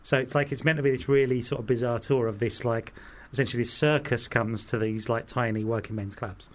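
A man's voice: mid-range voice, fairly even intonation, brisk. A man in casual chat, telling a long anecdote with many fillers and acting out the voices in it.

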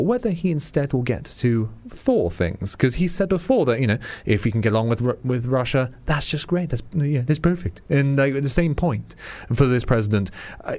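A man's voice: medium pitch, a little mellow, no room sound. Wry man hosting talk radio. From Britain. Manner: chatty and wry, many fillers and restarts. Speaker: radio politics show host. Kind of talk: radio monologue on current affairs.

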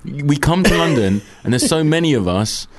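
A man's voice: fairly high pitch, animated, moderate pace. A man co-hosting a radio show in casual banter, sweary and sardonic, rambling through his jokes. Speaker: radio co-host. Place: radio studio.

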